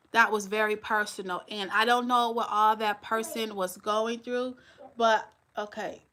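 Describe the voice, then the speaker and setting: A woman's voice: fairly high pitch, bright, forceful tone. A woman in her forties hosting a live stream, talking bluntly and straight to her viewers. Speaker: channel host.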